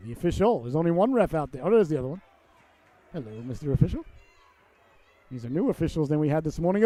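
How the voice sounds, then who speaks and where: A man in his late forties calling a youth hockey game play by play, switching between excited play calls and chatty, self-deprecating asides. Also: no room sound. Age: 40s. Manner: voice rises and speeds up on rushes, drops low for asides. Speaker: play-by-play announcer.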